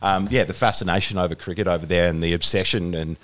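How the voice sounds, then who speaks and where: A man's voice: low-pitched, fairly even intonation, quick pace, fairly bright tone. A young Australian man as a podcast guest, chatting casually with lots of fillers and restarts. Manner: rambling, many fillers and restarts. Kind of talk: casual chat.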